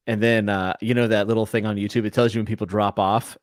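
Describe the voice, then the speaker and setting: A man hosting a casual podcast livestream, relaxed and laughing often as he reads out chat comments. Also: lowish voice, quick pace, few pauses, no echo, studio quality. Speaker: podcast host.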